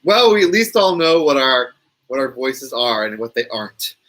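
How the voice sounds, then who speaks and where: A man's voice: mid-range voice, very animated, moderate pace, fairly bright tone, rough recording. A man hosting a casual live stream from home, playful and laughing often as he runs a word game with viewers.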